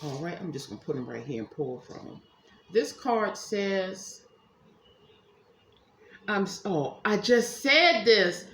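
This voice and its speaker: Lady reading tarot at home, chatty and animated, kinda echoey room. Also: mid-range voice, unhurried, pauses often, a little hiss or hum. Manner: chatty, animated, talks straight to viewers. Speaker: tarot reader. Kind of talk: casual tarot reading monologue.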